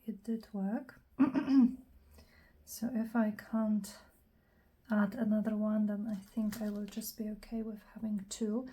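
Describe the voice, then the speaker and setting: A woman hosting a casual crafting tutorial, thinking aloud in a scratchy, slightly hoarse voice and often clearing her throat. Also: medium pitch, mellow. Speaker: craft channel host.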